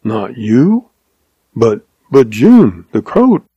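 A man voicing a quiet, steady young cowboy who speaks slowly. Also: mid-range voice, breathy edge, no room sound, dull audio, full character voice. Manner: slow, quiet.

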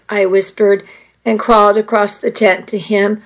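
A woman tells a first-person story in an audiobook, in a measured, earnest way. She reads slowly, her pitch sitting in the middle range. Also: little pitch movement, low-quality recording. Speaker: narrator.

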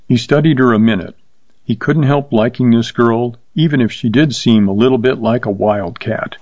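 A man narrating a short story in a steady, measured reading voice. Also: mid-range voice, no room sound, muffled recording. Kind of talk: scripted narration.

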